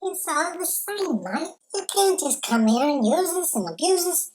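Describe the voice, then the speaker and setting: A man putting on a brash, mocking loudmouth with a fake Aussie twang, heckling with a drawn-out "mate". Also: very high voice, big pitch swings, slight background noise, pitched above the performer's own voice, low-quality recording. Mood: mocking heckle.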